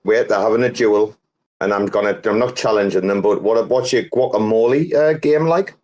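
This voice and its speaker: A man's voice: fairly low pitch, moderate pace, darkish tone. A man in a casual group chat, jokey, laughing, and butting in with questions.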